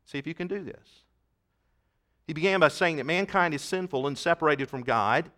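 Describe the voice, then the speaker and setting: A man's voice: on the high side, normal speed, pushed and bright. A man preaching a sermon, telling stories and building to emphatic declarations. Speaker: pastor.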